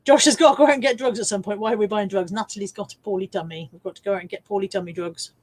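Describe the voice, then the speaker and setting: A woman's voice: mid-range voice, very fast. An English woman hosting a casual live stream from home, chatting and teasing herself as she reads out viewer comments.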